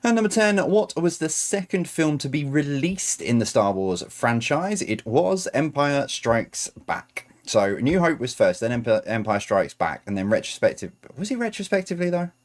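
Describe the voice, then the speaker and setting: A man's voice: mid-range voice, big pitch swings, normal speed, hardly any pauses. A man reading out quiz answers as host, adding chatty, self-correcting asides.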